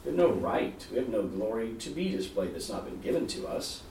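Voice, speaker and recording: A man's voice: medium pitch, big pitch swings, fairly quick, vocal fry, darkish tone, a little hiss or hum. A man preaching a sermon in an earnest way, repeating key phrases for emphasis. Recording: roomy, distant mic, faint ambience.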